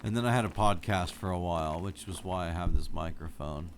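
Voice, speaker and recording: A man's voice: deep voice, a little fast, creaky, a little hiss or hum. A middle-aged man streaming a game from his home setup into a studio microphone, chatting casually and rambling, sleepy and yawning now and then. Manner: relaxed, rambling, sleepy with frequent yawns. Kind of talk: casual chat with viewers while playing. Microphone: studio microphone with wired headphones.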